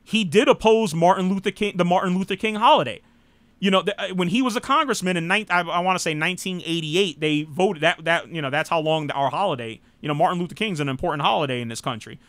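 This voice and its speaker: Talking fast, this high-pitched American host runs a live political talk show, his bright, forward voice captured close and dry without echo. He rambles loosely, full of "you know"s and frank asides.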